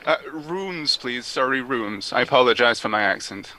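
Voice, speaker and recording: A man's voice: mid-range voice, expressive, moderate pace, bright, forceful tone, slight background noise, rough recording. A man co-hosting a prank-call show, polite and apologetic on the phone. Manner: mock-polite, apologetic caller. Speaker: prank caller, show co-host.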